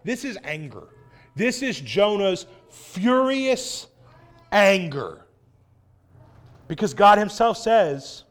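A man preaching a sermon in an animated, wry way, acting out voices as he quotes. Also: sits high, takes it slowly, pauses often.

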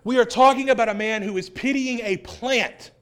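A man preaching a sermon in an animated, wry way, acting out voices as he quotes. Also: extremely high pitch, moderate pace, smooth.

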